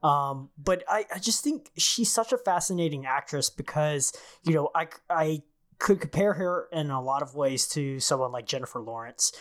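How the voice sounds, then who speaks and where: A man who is a guest on a podcast, talking in an easygoing, relaxed casual chat. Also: on the high side, moderate pace. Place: at home in Dallas, remote call.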